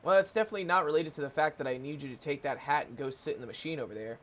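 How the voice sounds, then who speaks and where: A man's voice: on the high side, rapid-fire, a bit bright, a little hiss or hum, natural voice. A man voicing a chatty game character who patiently explains a strange machine. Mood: explaining.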